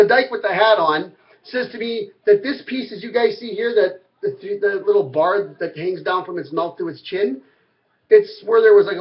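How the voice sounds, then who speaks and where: A man's voice: high voice, dull audio. A man ranting to camera as a vlogger, rambling, heated and full of swearing. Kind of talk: angry rant to camera.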